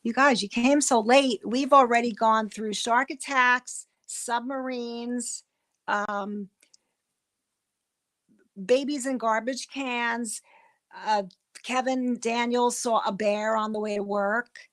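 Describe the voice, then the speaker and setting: A woman's voice: on the high side, fairly even intonation, slow, fairly bright tone. A middle-aged woman hosting a livestream, chatting casually with her viewers in a rambling way and often restarting her words. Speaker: livestream host. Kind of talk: casual livestream chat with chat readers.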